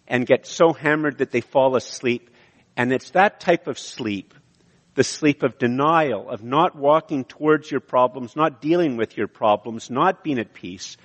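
Male preacher, mid-pitched, loose and conversational, lots of restarts, long hall reverb. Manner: conversational, with frequent restarts and fillers. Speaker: pastor. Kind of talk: sermon.

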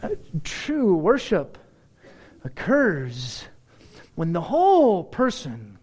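Male pastor, sermon delivery, high-pitched and very lively. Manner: animated preaching, rising to excited emphasis.

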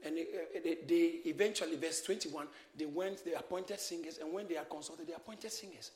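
A man preaching a sermon, shouting and exhorting his congregation in call-and-response. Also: fairly high pitch, steady tone, fairly quick. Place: church hall with congregation. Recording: echoey church hall, crowd behind.

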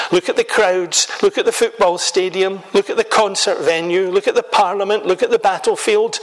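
A man from Scotland delivers a sermon with a somewhat higher voice. He preaches in a measured, emphatic way, stacking rhetorical lists and questions. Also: a bit bright, rough recording.

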